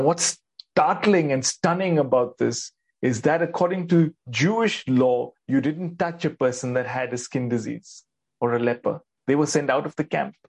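A man delivers a sermon in a slightly raised, husky voice. He preaches earnestly, asks his listeners questions and repeats lines for emphasis. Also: a little high. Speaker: pastor.

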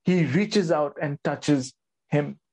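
A man's voice: a little high, slow pace, darkish tone, husky. A man preaching a sermon, earnest and emphatic, asking the listeners questions and repeating his key points. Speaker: pastor.

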